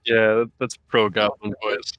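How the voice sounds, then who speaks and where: A man's voice: lowish voice, monotone, a little slow, clean tone, dry recording, muffled recording. A man playing a tabletop game online, talking in a laid-back, hesitant way. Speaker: player. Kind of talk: casual chat while playing a tabletop game.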